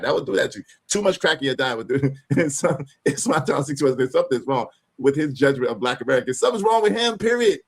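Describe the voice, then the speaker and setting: A man hosts a live reaction stream, mocking what he watches and laughing often. His voice sits a little high for a man and swings widely up and down. He drives each point home by repeating it. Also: expressive, a little fast, slightly rough. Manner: repeats phrases for emphasis. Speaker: livestream host.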